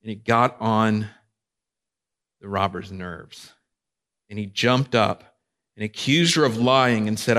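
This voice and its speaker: A man's voice: fairly low pitch, slow pace, long pauses, a bit bright. A male pastor preaching a sermon in a conversational way, checking in with his listeners.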